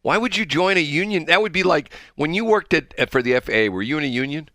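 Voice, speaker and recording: A man's voice: fairly high pitch, animated, fast talker, sharp tone, no room sound, studio quality. A man co-hosting a talk show, ranting and joking in casual banter and laughing often. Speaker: podcast co-host.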